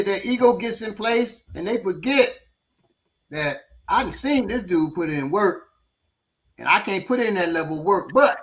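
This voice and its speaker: Bright, high-pitched man; animated instructor telling stories, curses freely. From Chicago. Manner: animated, swears freely, acts out quoted people. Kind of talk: casual storytelling discussion.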